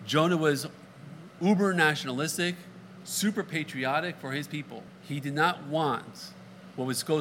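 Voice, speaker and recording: A man with a bright, slightly raised voice preaches a sermon, reading scripture and then retelling it in a casual, joking way. He acts out the characters' lines as he goes. A faint hiss sits under the recording. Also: fairly high pitch. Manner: conversational, jokey asides, acts out dialogue.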